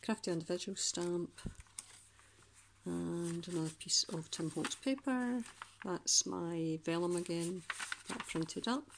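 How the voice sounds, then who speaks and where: A Scottish woman doing a casual craft flip-through of a handmade journal, chatty and rambling, often pausing to search for words. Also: on the low side, vocal fry, slight background noise.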